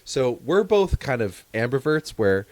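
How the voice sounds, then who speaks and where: A man's voice: medium pitch, big pitch swings, a little slow, a little mellow, no echo. A man co-hosting a casual podcast, bantering bluntly and with profanity, often mimicking other people. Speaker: podcast co-host. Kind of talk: casual chat.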